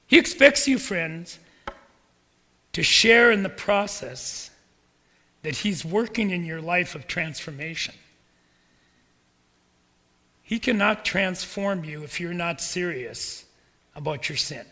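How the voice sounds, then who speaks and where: A man preaching a sermon as pastor, emphatic and repetitive, building up to forceful peaks. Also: high-pitched, animated, slow pace, long pauses, long reverb tail.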